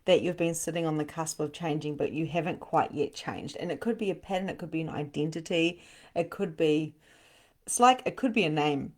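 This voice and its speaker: A middle-aged woman hosting a live spiritual session as a medium, chatting casually, laughing often and breaking into sudden excited bursts. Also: low voice, fairly quick. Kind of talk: casual live-stream channeling.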